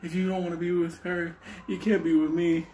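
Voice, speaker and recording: A man's voice: high-pitched, level tone, brisk, warm tone, slight background noise, voice pushed up, natural voice, poor audio. Man putting on a coaxing young woman.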